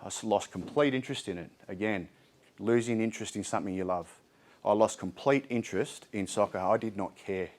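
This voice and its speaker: A man's voice: lowish voice, fairly quick, darkish tone. A man with an Australian accent giving a candid, chatty community talk on mental health, with frequent ums and restarts. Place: indoor community hall.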